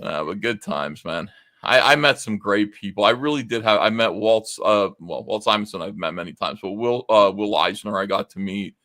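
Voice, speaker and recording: Rambling middle-aged male storyteller, bright voice. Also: on the low side, moderate pace, no echo, clean studio sound. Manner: rambling storyteller, many fillers and restarts, casual swearing. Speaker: host. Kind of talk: casual livestream anecdote.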